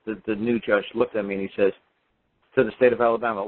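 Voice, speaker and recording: A man's voice: lowish voice, flat delivery, fast. A man telling a personal story on talk radio in a defiant, emphatic, repetitive way. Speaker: radio show guest speaker. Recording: tinny phone-line radio sound.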